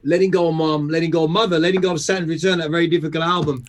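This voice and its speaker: A man telling stories in casual chat, profane and animated, acting out other people's voices. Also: on the high side, very fast. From England.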